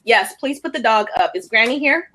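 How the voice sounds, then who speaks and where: Animated woman guest on a video call, high bright voice, storyteller who acts out quotes. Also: moderate pace. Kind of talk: casual livestream chat.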